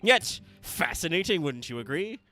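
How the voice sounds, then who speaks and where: A man's voice: on the high side, big pitch swings, moderate pace, sharp tone, soft background music, pitched above the performer's own voice. A man reading aloud the part of a flamboyant, eccentric great detective, with grandiose, theatrical delivery. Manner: theatrical, grandiose, lofty pronouncements. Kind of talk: reading game dialogue aloud.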